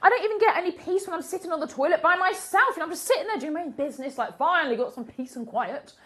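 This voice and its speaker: A young woman from the UK telling comic stories as a guest, animated and laughing often through her lines. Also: extremely high pitch, fast. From United Kingdom. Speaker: comedian guest. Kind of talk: comic storytelling and chat.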